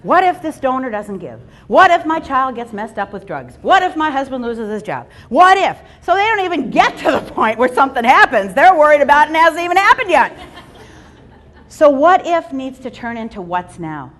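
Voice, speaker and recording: A middle-aged woman speaking on stage to a live audience in a large room, her voice sitting a little high. She is animated and playful, acting out voices as she makes her points. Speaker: fundraising speaker. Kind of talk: motivational keynote talk.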